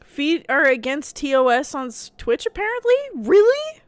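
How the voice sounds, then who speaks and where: A woman streamer chatting casually while she games at home, blunt and quick to laugh. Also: sits high, sing-song, no echo. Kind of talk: casual live-stream chat while gaming.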